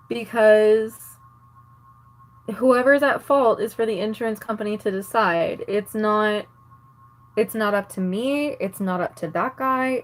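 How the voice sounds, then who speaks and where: A woman vlogger ranting casually to the camera while doing her makeup, angry and exasperated, swearing often and filling her talk with "like". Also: mid-range voice. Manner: exasperated, swears a lot, filler-heavy. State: angry and annoyed.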